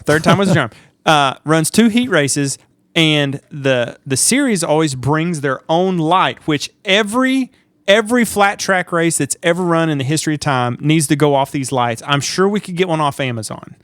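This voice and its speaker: A man co-hosting a podcast, telling stories in a lively, animated way and acting out the people in them. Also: fairly high pitch, normal speed, clear, resonant tone, no room sound. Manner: animated storyteller, acts out shouts and quotes. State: sleep deprived. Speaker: podcast co-host. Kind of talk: casual chat.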